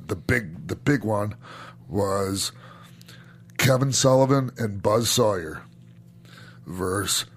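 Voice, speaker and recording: A middle-aged man, a former wrestler co-hosting a podcast, telling old stories in a casual, enthusiastic way, swearing freely and restarting sentences. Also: fairly low pitch. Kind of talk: casual storytelling chat.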